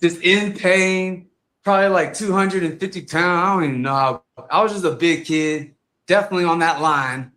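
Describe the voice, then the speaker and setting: A man, a fighter and guest, telling comic stories in a lively way and acting out voices. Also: high-pitched, normal speed, roomy sound. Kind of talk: animated storytelling on a podcast.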